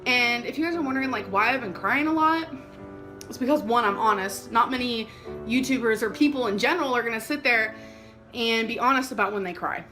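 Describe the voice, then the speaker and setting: A woman's voice: a little high, fairly quick, pushed and bright, faint music behind. A woman in a casual vlog, talking in a chatty, candid way.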